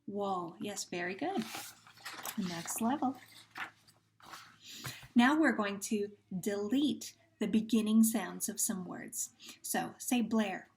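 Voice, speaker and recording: A woman teacher leading a phonemic awareness drill, speaking slowly and deliberately and giving patient, encouraging praise. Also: medium pitch. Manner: slow, deliberate, stretches words when repeating them.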